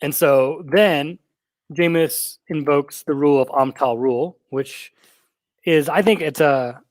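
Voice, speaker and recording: A man's voice: a little high, measured pace, dry recording. Chatty man recapping a film. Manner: lively, retells scenes with acted-out quotes. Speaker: podcast co-host. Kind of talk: casual film recap chat.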